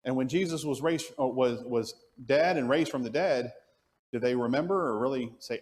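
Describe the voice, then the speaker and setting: A man with a mid-range voice teaches an adult Bible class at church, speaking animatedly at normal speed and asking the class questions as he goes. A long reverb tail trails his words.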